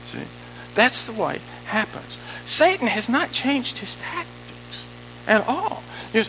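A male preacher with a high, bright voice that swings widely in pitch. His tone is gravelly. He preaches an emphatic sermon, breaking into casual asides to the congregation. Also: huge pitch swings, unhurried, background noise.

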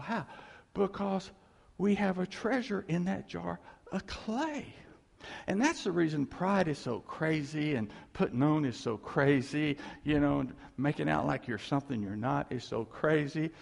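Male preacher, lively and chatty with the congregation, husky gravelly voice, long hall reverb. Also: fairly high pitch. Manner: animated, jokey, talks straight to the congregation. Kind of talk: conversational sermon.

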